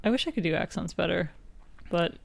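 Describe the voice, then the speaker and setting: A woman's voice: on the low side, animated, brisk, gravelly. A woman co-hosting a podcast in casual chat, talkative, laughing often and trailing off with "like". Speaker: podcast co-host.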